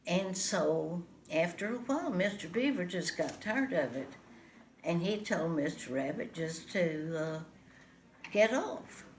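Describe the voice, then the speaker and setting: A woman telling a folksy animal tale, unhurried and pausing often with "uh". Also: fairly low pitch, lively intonation, slight background noise. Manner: unhurried, with many "uh" pauses. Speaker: storyteller. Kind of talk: folksy spoken storytelling.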